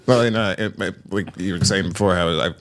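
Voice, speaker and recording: A man co-hosting a podcast, joking about himself in halting, stop-start sentences. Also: low voice, a bit bright. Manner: joking, halting, self-deprecating. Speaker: podcast co-host. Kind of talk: casual podcast chat.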